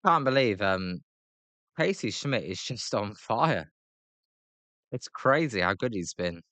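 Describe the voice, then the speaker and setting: A British man commentating live on a baseball game, with a bright, forward tone. He chats between pitches with plenty of fillers and lifts his voice for the big plays. The sound is dry and close to the mic. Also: very animated, slow pace, dry recording. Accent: British English. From Britain. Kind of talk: live play-by-play reaction.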